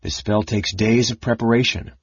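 A man playing a grave hushed mage. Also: fairly low pitch, steady tone, moderate pace, slightly rough, no room sound. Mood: hushed awe. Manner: soft, grave, commanding. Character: stern, hushed older male mage in red robes. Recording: dull lo-fi audiobook recording.

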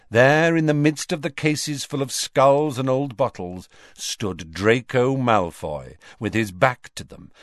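A man reading an audiobook aloud in an expressive, varied way. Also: on the low side, no echo, studio quality. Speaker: audiobook reader. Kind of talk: audiobook narration.

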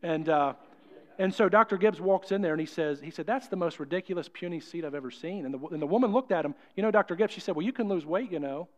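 A man's voice: high voice, fast, a little mellow. A male pastor preaching a sermon in a conversational, storytelling way.

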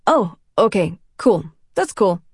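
A woman's voice: mid-range voice, very animated, slow pace, slightly rough, no room sound, studio quality, heavily acted. A woman voicing a crude, tipsy teenage boy at a party who rambles in slang, peppered with "like".

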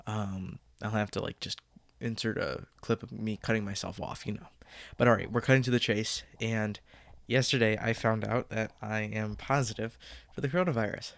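A man's voice: fairly low pitch, fairly even intonation, normal speed, vocal fry, fairly bright tone, no room sound. Stuffy-nosed teen guy rambling on his podcast, dry close sound, jokes about stalling. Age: late teens. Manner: rambling, self-aware, jokey about stalling. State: congested, stuffy from a cold. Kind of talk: casual solo podcast chat.

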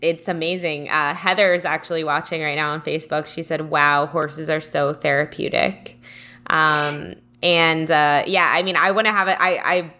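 Bright lower-voiced woman co-host. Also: steady tone, moderate pace. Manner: eager, reads out viewer comments. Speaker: podcast co-host. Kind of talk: casual interview chat.

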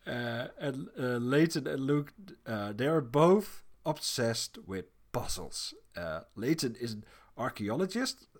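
Lively man chatting about games. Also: mid-range voice, slow pace. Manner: animated, laughs often, many restarts. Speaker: podcast co-host. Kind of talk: casual chat about video games.

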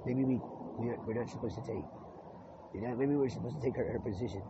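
A man's voice: mid-range voice, fast talker. A man in a rambling spoken monologue who repeats words, restarts often and swears freely. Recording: muffled lo-fi with clear background noise.

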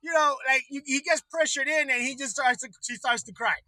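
A man's voice: very high-pitched, a little fast, sharp tone, no room sound, poor audio. A man hosting a livestream, ranting casually with lots of swearing, restarts and laughter. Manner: profane, rambling, laughs often. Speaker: livestream host. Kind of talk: casual political rant.

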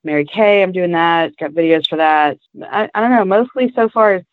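A woman's voice: lowish voice, normal speed, dry recording. A woman co-hosting a podcast in casual chat, eager and bubbly, on a tinny, phone-like recording. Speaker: podcast co-host. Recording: tinny phone-like dry sound.

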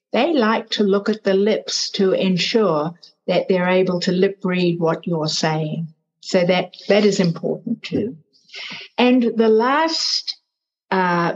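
A woman coaching doctors on speaking, explaining in a clear, deliberate way and stressing key words over a video call. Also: medium pitch, muffled recording. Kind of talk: explanatory interview talk.

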